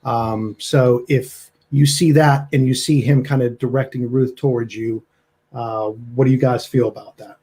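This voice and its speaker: Mellow-voiced man running a tabletop game. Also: medium pitch, a little slow. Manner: relaxed, with many fillers. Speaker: game master.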